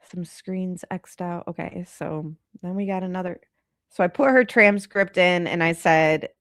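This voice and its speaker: A woman's voice: lowish voice, dry recording, clean studio sound. Congested woman doing casual true crime chat. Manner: chatty and rambling, exasperated. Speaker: true crime channel host. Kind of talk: casual commentary on a live stream.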